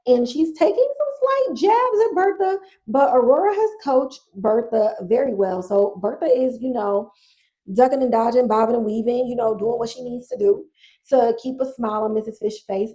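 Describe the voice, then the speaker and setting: A woman hosting a podcast, recapping a TV drama in a casual, blunt, animated way with slang and swearing. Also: on the high side, rough recording. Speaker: podcast host.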